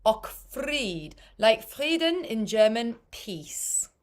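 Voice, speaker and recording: A woman coaching singers on diction, taking her time and speaking unhurriedly. She repeats sounds over and over to demonstrate them, with a voice sitting at an ordinary middle pitch for a woman. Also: expressive, slow pace, a bit bright. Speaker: choir pronunciation coach.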